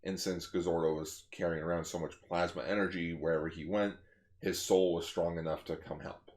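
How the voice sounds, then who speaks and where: A man co-hosting a podcast in casual chat, relaxed, explaining plot points with hesitant restarts. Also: sits low, a little fast. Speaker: podcast co-host.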